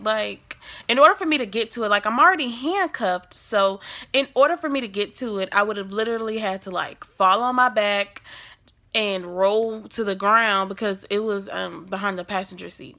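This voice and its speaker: A young woman tells a personal story for her vlog, animated and dramatic, swinging between loud bursts and hushed asides. Her voice is bright and sharp with a gravelly edge. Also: mid-range voice, normal speed. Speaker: vlogger.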